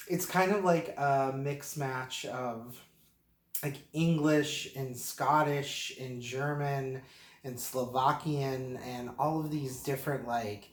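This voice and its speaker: A man from the Pittsburgh area, mildly tipsy, rambling casually to camera with lots of fillers and frequent laughs. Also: mid-range voice. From Pittsburgh area, western Pennsylvania. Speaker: vlogger. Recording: roomy echo.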